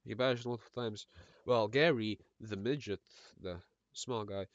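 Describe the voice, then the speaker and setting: A man's voice: lowish voice, unhurried, no echo, lo-fi sound. A man with an Eastern European accent reading a film script aloud for laughs, doing every part and stumbling over words with side comments. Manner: reads all parts in one voice, stumbling over words and adding asides. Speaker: script reader. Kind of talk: comedic script read-through.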